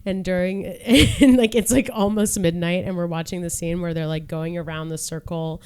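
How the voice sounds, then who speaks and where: A woman's voice: lowish voice, fairly even intonation, normal speed, darkish tone, smooth. A young woman co-hosting a podcast, telling stories in a chatty way and laughing often. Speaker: podcast co-host. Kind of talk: casual chat.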